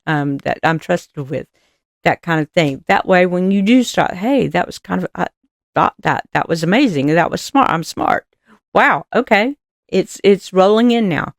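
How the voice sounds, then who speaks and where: A woman's voice: fairly low pitch, darkish tone, dry recording. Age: adult. Sex: woman. Style: casual motivational vlog talk. Delivery: chatty, rambling, earnest, in a dry room. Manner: chatty and rambling, with many fillers and restarts; encouraging and earnest, laughing at herself. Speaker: motivational vlogger.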